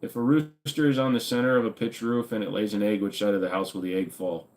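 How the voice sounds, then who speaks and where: A man's voice: fairly low pitch, steady tone, quick pace, a little mellow. A man hosting a stream, chatting casually and joking as he reads viewer comments. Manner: joking, laid-back, rambling. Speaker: streamer host.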